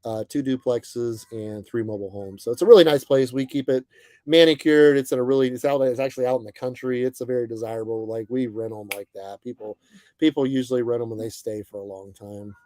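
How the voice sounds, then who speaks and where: A young man hosting a casual livestream, greeting viewers by name and chatting in a relaxed, friendly way with plenty of fillers. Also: medium pitch, brisk, dry recording. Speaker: livestream host. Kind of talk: casual chat reading viewer comments. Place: bus, indoors.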